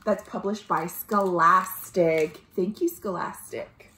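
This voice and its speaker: A woman, a children's librarian, reading a picture book aloud at home in an animated storytime voice, asking the children questions along the way. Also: on the low side, slow, roomy sound. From United States.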